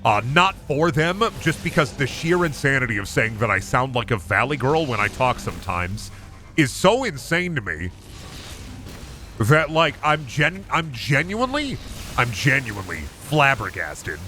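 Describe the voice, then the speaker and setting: A man's voice: mid-range voice, sing-song, a little slow, sharp tone, soft background music. A man streaming a video game, chatting and swearing casually, often with an upward inflection. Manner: chatty, rambling, swears freely. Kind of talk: casual gameplay commentary.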